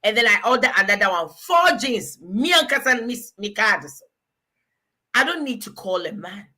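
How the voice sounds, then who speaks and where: A woman's voice: mid-range voice, sing-song, moderate pace, bright, forceful tone. A woman in her forties chatting frankly as host, laughing often and switching languages mid-sentence. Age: 40s. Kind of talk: casual chat.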